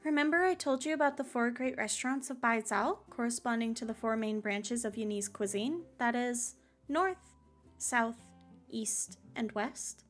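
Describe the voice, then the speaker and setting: A woman's voice: fairly high pitch, moderate pace, faint music behind, lightly acted. A woman reading the lines of a demanding head chef aloud from a game, in her own voice. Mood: stern.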